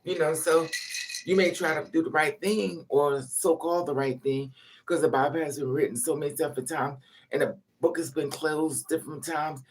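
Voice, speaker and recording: A man's voice: a little high, fairly even intonation, moderate pace. A man telling candid personal family stories to camera in a blunt, profane, emphatic way, with frequent asides. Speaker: vlogger. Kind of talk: candid personal storytelling monologue.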